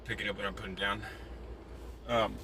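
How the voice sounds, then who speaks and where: A man's voice: fairly low pitch, flat delivery, normal speed, noisy background. A young man streaming live from a phone while driving, chatting casually in a rambling, profane way that often trails off mid-sentence. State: out of breath.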